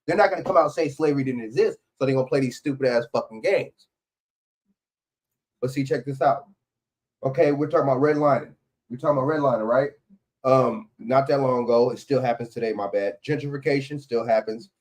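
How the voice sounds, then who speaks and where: Reacting to clips on his livestream, a man goes on casual, heated, expletive-filled rants, stumbling through fillers and restarts. He speaks fairly quickly in a mid-range voice.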